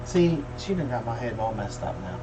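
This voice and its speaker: A man's voice: mid-range voice, sing-song, moderate pace, mellow. Folksy joking man, a bit distant. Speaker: livestream host. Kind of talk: casual livestream chat. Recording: distant mic with faint room noise.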